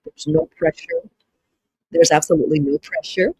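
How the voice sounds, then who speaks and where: A woman's voice: sits low, sing-song, normal speed, darkish tone, husky, dry recording, poor audio. A woman with a Southern US accent hosting a live-streamed dating talk, reading viewer comments aloud and talking to them directly with lots of repetition. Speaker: livestream host.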